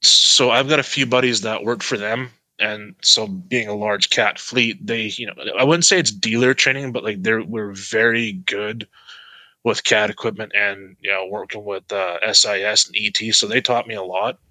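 A man's voice: on the low side, fairly even intonation, normal speed, bright, forceful tone, dry recording, poor audio. A man, a mechanic guest on a podcast, talking bluntly and swearing freely in casual chat. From Canada.

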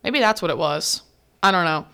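A woman's voice: lively intonation, sharp tone, smooth. Chatty woman hosting a podcast recap. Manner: chatty, lots of filler "like", quick asides; acts out characters' lines with pitch swings. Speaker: podcast host. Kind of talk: casual solo movie recap.

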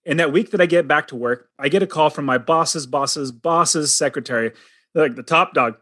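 A man's voice: on the high side, normal speed, sharp tone, dry recording. A middle-aged man telling his personal story as a guest, earnest and dramatic, acting out the lines he quotes.

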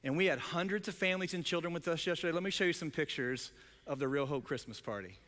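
A male pastor telling a story in a sermon, excited, with many restarts. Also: on the high side, quick pace, long reverb tail.

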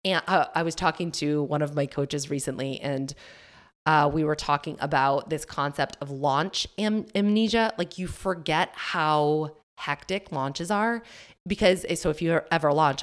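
Low-voiced chatty woman podcaster. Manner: animated, acts out her own inner voice in quotes; chatty, with fillers and laughs. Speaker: podcast host and business coach. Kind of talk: solo podcast talk.

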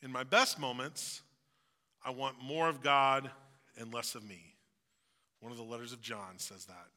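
Bright-voiced pastor in a reverberant hall. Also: male voice, medium pitch, unhurried, pauses often. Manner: relaxed, reflective, acts out everyday phrases. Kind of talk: conversational sermon.

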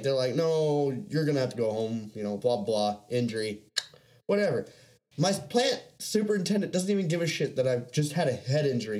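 Young man, casual storyteller, profane and rambling, lively swinging pitch. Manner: rambling, profane, laughing often.

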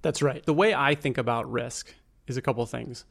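A man's voice: mid-range voice, brisk, gravelly. A man explaining money and risk as a regular guest on a radio interview, in a patient, plain way. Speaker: financial adviser guest.

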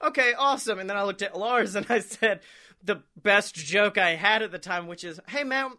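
High, bright-voiced man telling stories. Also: moderate pace. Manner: rambling, profane, laughs often, acts out quotes. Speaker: podcast co-host. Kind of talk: casual storytelling chat.

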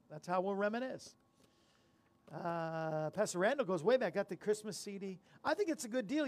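A man's voice: high voice, no echo. A man hosting a casual talk show, rambling and self-deprecating as he chats and tells corny jokes. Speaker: show host.

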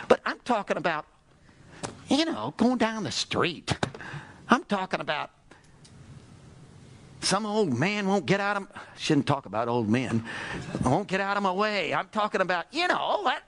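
A man preaching a sermon with a high voice. He fires off exclamatory rhetorical questions and sighs "oh, brother" asides, and his pitch swings up and down dramatically. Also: very animated, unhurried, long pauses, fairly bright tone.

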